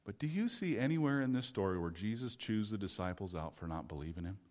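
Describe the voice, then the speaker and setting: A man's voice: on the low side, expressive, quick pace, darkish tone. A man preaching a sermon with fervent rhetorical questions. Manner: impassioned, rhetorical questions, acts out quoted voices. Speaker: pastor. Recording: long hall reverb.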